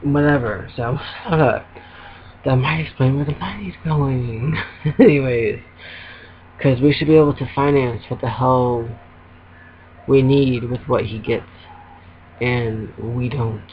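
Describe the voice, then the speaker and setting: Man, casual home vlog rant, rambling with ums and small laughs, mid-pitched voice, dull lo-fi webcam sound. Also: slow, pauses often, slight background noise. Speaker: vlogger. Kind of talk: casual venting to camera. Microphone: laptop webcam.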